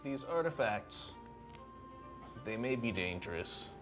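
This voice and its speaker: A tabletop player at a middling pitch, speaking in brief practical questions, with faint music in the background. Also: lively intonation, takes it slowly.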